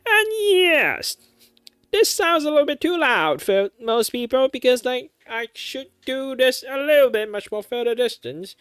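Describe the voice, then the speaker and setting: A streamer from Malaysia putting on the voice of an old-fashioned 1950s radio announcer, an old man, with loud, drawn-out, theatrical delivery. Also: high voice, big pitch swings, clean tone, no room sound, pitched above the performer's own voice, full character voice. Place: home streaming setup.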